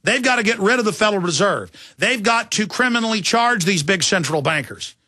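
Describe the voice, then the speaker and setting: A man's voice: high voice, expressive, fairly quick, sharp tone, dry recording, clean studio sound. A man in his thirties hosting a talk radio show, delivering an intense, emphatic, ranting political monologue.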